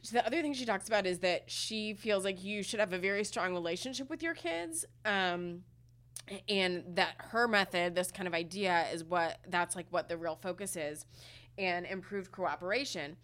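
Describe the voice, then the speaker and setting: A woman's voice: on the low side, a bit bright. Woman, 30s, podcast co-host, earnest and emotional, lots of ums and restarts. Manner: emotional, halting, full of fillers. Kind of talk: casual podcast chat.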